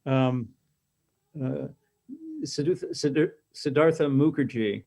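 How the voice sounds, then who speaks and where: An older man, a guest actor and audiobook narrator, talking casually in a halting, self-deprecating way that trails off softly. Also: mid-range voice, creaky. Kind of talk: casual chat.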